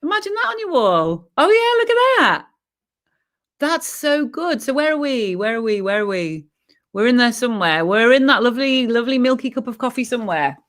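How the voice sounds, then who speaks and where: A British woman hosting a live stream, chatty and jokey, a bit hoarse from yodeling. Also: on the high side, animated, brisk. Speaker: host.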